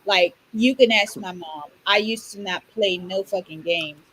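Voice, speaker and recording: A young woman from Orlando who tells stories in a blunt, animated way, swearing freely in casual podcast chat. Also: mid-range voice, a little slow, breathy edge, rough recording. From Orlando, Florida. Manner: blunt, animated storytelling with profanity.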